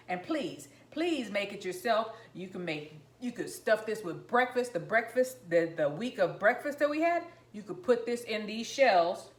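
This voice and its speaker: A woman's voice: medium pitch, roomy sound. Chatty woman eating on camera. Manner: chatty, rambling, enthusiastic about food; talking while eating, mouth full. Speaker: cooking vlogger. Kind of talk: casual cooking vlog, tasting on camera.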